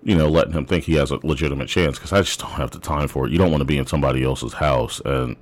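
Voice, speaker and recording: Brief: young man, extremely low voice, casual rambling storyteller who restarts his sentences. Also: fast.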